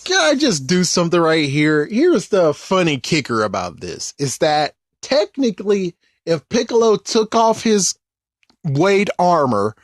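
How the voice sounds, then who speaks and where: A man's voice: high-pitched, measured pace, no echo, studio quality. A man giving casual, rambling commentary on an anime episode, often correcting himself mid-sentence. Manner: rambling, animated, self-correcting.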